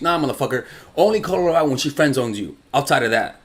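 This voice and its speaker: A man's voice: on the high side, lively intonation, fast talker. A man working as a dating coach, giving blunt advice in a casual monologue and swearing freely.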